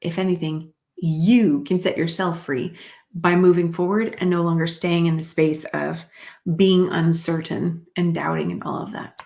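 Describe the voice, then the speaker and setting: A woman's voice: on the low side, fairly even intonation, measured pace, creaky, darkish tone. A woman giving a spiritual card reading to camera in a chatty, rambling way, with many fillers and asides. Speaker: card reader.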